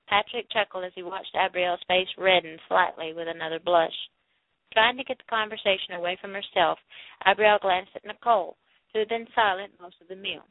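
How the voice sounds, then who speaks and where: A woman's voice: mid-range voice, fairly even intonation, a little fast, dry recording. A woman narrating a novel aloud, giving the speakers light voices of their own, with a few small slips along the way. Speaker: audiobook narrator. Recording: dry, tinny phone-like sound.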